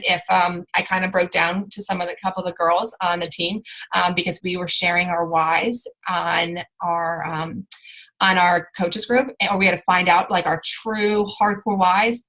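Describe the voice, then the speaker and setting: A woman's voice: medium pitch, sharp tone, rough recording. A woman giving an informal training talk to her sales team, rambling along with lots of fillers and restarts.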